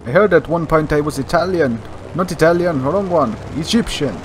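A man playing a cocky action hero in a put-on, faltering foreign accent, hamming it up over gameplay and muttering low asides. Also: normal speed, background noise, close to an everyday voice. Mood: swaggering. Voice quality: boastful, hammy, drops to low mutters for asides. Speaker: gaming YouTuber. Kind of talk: comedic gameplay commentary in character.

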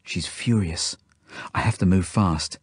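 A man reading his own novel aloud as audiobook narration, in a steady, plain first-person storytelling manner. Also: low voice, measured pace, breathy edge, no room sound, studio quality.

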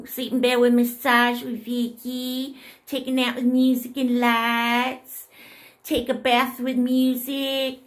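A woman making a casual video message, talking slowly and simply to a child. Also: on the high side, fairly bright tone. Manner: slow, simple, sing-song talk to a child.

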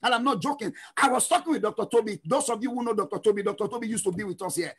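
A middle-aged man preaching a fervent sermon, shouting refrains and breaking into sung lines. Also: sits high, racing, slightly rough. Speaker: pastor.

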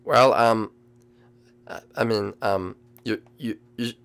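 A man hosting and narrating a Minecraft role-play series, energetic and full of hesitant fillers. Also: lowish voice, takes it slowly, gravelly, clear, resonant tone. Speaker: host.

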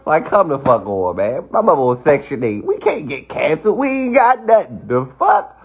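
A man's voice: a little high, wildly swooping pitch, moderate pace, slightly rough. A man delivering a defiant, profane livestream rant, repeating himself as he dismisses the people criticizing him. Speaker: social media personality.

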